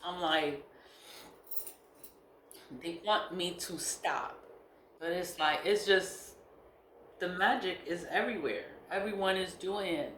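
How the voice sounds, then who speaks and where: A woman in her forties, a nonprofit founder, talking candidly and rambling in a casual vlog, swearing freely, her voice going hoarse. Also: on the low side, slow pace, long pauses, a bit bright, a little hiss or hum. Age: 40s. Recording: roomy echo, faint ambience.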